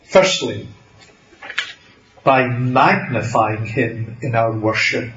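A man preaches a sermon, slow, deliberate and emphatic, at an ordinary pitch. His voice carries through a roomy church, and the recording is slightly dull. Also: fairly bright tone. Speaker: pastor.

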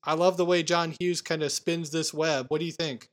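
Animated man recapping a film. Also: on the high side, normal speed. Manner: animated retelling, acting out lines. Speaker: podcast host recapping a film. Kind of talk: casual chat.

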